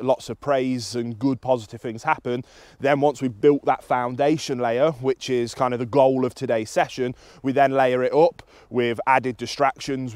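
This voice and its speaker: A British man, a dog trainer, calmly explaining his method to the camera outdoors while he works a dog. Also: dry recording. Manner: calm and instructive, with high excited praise to the dog.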